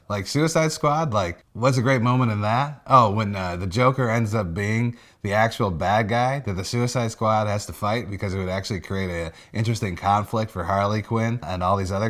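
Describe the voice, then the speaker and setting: Young guy rambling through a comedy bit, lowish voice, lots of uhs. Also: a bit bright. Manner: rambling, lots of filler words. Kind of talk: casual comedic monologue.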